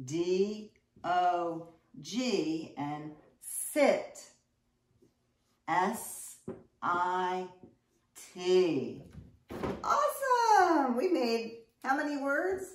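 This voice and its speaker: A kindergarten teacher giving an online phonics lesson, sounding out letters slowly with bright, exaggerated emphasis. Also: female voice, on the low side, far from the mic. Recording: echoey room, a bit off-mic.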